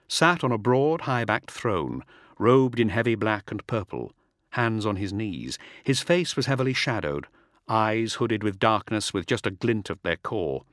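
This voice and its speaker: A man narrating an audiobook in a dramatic, measured reading. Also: on the low side, very animated, fairly bright tone, no echo, studio quality. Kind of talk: scripted narration.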